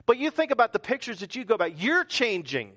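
A man's voice: very high voice, sing-song, a little fast, a bit bright. A middle-aged male pastor preaching a conversational sermon, often repeating words and asking rhetorical questions.

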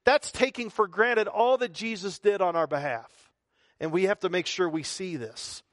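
A man's voice: sits high, moderate pace, no room sound, clean studio sound. A male pastor preaching a conversational sermon, full of rhetorical questions and repeated phrases.

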